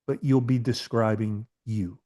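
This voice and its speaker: A man's voice: fairly low pitch, fairly even intonation, a little slow, mellow. A man in his fifties, a therapist guest on a podcast, telling stories casually with frank swearing and rambling restarts. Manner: profane, candid, rambling with restarts.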